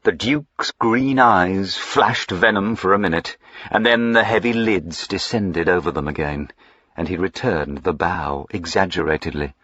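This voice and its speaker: A man narrating a historical novel as an audiobook in a measured, even storytelling manner. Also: deep voice, slightly rough, no echo, dull audio.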